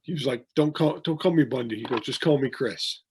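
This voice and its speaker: A man with a medium-pitched voice speaks fairly quickly over slight background noise. He's a wrestling promoter and podcast co-host, telling rambling anecdotes with lots of fillers and restarts in a laid-back chat.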